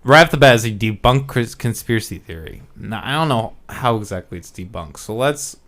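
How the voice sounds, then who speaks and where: A man's voice: mid-range voice, lively intonation, brisk, a bit bright. A man hosting a casual podcast, rambling and hesitant, full of fillers and swearing. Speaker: podcast host.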